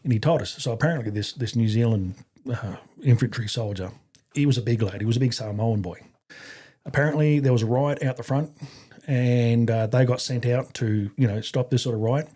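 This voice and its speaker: Speaking a little fast in a dark, medium-pitched voice, a middle-aged Australian who served in the army tells rambling, casual stories. He restarts often, fills gaps with fillers, and acts out the voices in his quotes.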